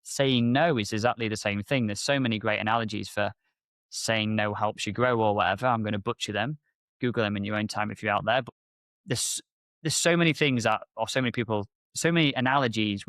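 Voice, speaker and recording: Energetic storytelling fills this casual business podcast, where a co-host who runs an MSP business acts out exchanges with his pitch climbing. The sound is clean studio audio without room sound.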